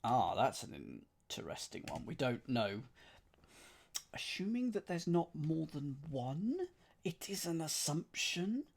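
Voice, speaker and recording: A man's voice: on the high side, big pitch swings, slow pace, vocal fry. A man streaming himself solving a cryptic crossword, reading clues aloud and musing over the wordplay. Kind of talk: thinking aloud while solving.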